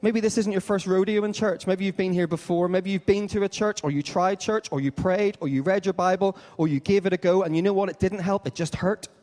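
A man preaching an Easter sermon in a rather high voice, with long reverb trailing behind every phrase in a large hall. He tells his stories animatedly and acts out each part of the dialogue. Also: steady tone, fairly quick, hardly any pauses, darkish tone. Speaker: pastor.

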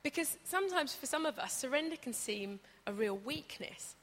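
Bright woman preaching in a reverberant hall. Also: sits high, expressive, moderate pace. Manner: chatty and humorous, acts out stories with voices. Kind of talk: conversational sermon. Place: church hall.

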